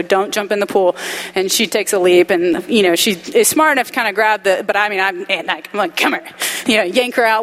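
A woman's voice: on the high side, a bit bright. Candid woman preaching a story-driven sermon.

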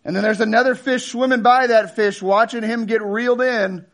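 Pastor in his thirties, high voice, relaxed jokey sermon delivery. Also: moderate pace. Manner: casual, joking storyteller with animated asides.

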